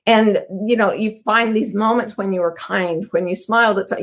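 A woman's voice: mid-range voice, fairly even intonation, normal speed. A woman hosting her weekly show, talking casually and intimately to her audience about awakening. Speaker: host. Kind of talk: casual spoken reflection to an online audience.

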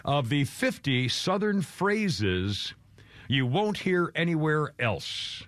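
A man's voice: on the high side, very animated, slow pace, fairly bright tone, no echo. A man hosting a casual radio show, rambling and joking at his own expense, often chuckling. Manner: rambling, chuckling, self-deprecating jokes. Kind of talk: casual morning radio banter.

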